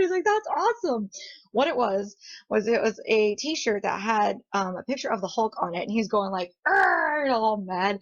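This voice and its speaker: A woman's voice: mid-range voice, vocal fry, dry recording. A young woman telling a chatty vlog story, giggling often and acting out what people said. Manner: giggly, chatty, full of fillers and quoted voices. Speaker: vlogger. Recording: dull lo-fi home recording.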